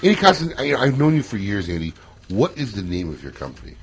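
Man, interview host, very deep voice, lively, guiding the guest. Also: fast. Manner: leading the guest through his story. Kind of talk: casual interview.

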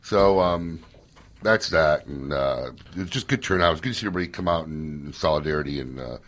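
A man hosting a casual radio talk show from a studio, telling stories in an animated, joking way. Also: a bass voice, a little fast. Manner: animated storyteller, loose and joking.

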